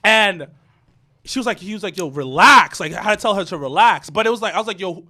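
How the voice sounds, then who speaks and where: A man in his thirties telling a story in casual podcast chat, animated and profane, with stammering restarts. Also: sits high, quick pace. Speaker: podcast co-host.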